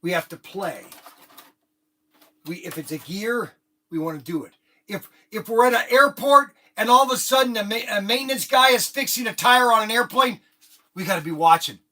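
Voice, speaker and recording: Animated middle-aged shop owner storytelling. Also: male voice, very high voice, moderate pace. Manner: animated, rambling storytelling with many restarts. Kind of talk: casual talk to camera. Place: hobby shop.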